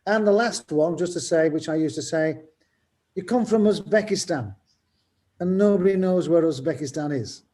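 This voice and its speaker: Older man, slightly high, mellow voice; anecdotal, self-deprecating talk. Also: moderate pace. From England. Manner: storytelling, self-mocking humor. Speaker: teacher. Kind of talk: casual panel talk.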